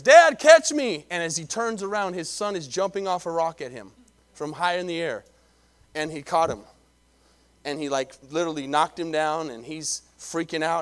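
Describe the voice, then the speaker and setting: A middle-aged man with a slightly high voice, a pastor, delivers a sermon in a conversational style. He repeats himself often and keeps calling for amens.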